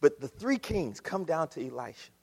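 A man preaching a sermon as pastor, swinging from quiet asides to loud shouts. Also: fairly high pitch, big pitch swings, moderate pace, gravelly, slightly rough. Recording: long hall reverb.

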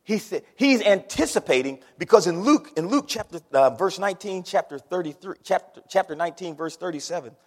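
Brief: man preaching, high animated voice, big echoing church. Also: fairly quick, hardly any pauses. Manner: dramatic, swings from shouting to hushed. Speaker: pastor. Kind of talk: sermon. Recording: long hall reverb.

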